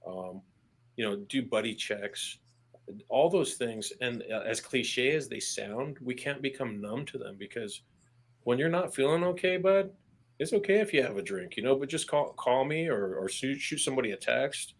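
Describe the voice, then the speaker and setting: Here a former army man talks openly in a podcast interview, his mid-range voice animated. His manner is direct and sincere, with offhand cursing and halting false starts whenever he emphasizes something.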